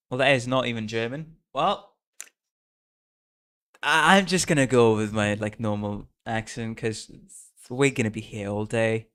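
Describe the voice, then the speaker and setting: A man's voice: mid-range voice, measured pace, long pauses, a bit bright, clear, resonant tone. A man streaming a story game, chatting casually in a playful, self-mocking way and laughing often. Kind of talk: casual live-stream chat while reading a game story.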